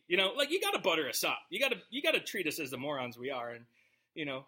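A man with a high, bright voice leads a relaxed Bible study, reading verses and then talking them over. He jokes with the people listening in between. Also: fast talker. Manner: conversational, joking asides to the congregation. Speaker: pastor. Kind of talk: casual verse-by-verse Bible teaching.

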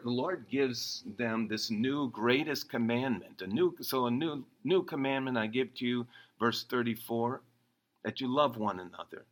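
A man's voice: mid-range voice, a bit bright, rough recording. Conversational man preaching a sermon. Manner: conversational, acts out quoted lines. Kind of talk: expository sermon.

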